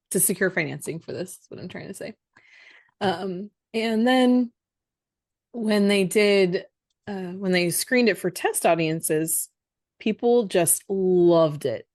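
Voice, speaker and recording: Slow, low-voiced woman podcast co-host. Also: no room sound, clean studio sound. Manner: measured, relays facts with hesitant fillers. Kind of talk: casual film discussion.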